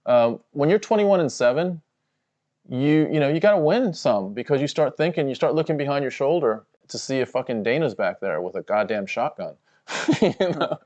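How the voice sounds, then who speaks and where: A man's voice: mid-range voice, expressive, normal speed, a little mellow. A man co-hosting a live fight watch-along stream, giving casual, profane, analytical commentary full of "you know" fillers.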